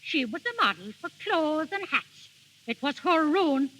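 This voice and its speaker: A sharp, scolding mother. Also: high-pitched, very animated, a little slow, exaggerated voice. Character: stern bossy mother, scolding. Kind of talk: 1930s radio drama acting. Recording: old radio broadcast with long reverb.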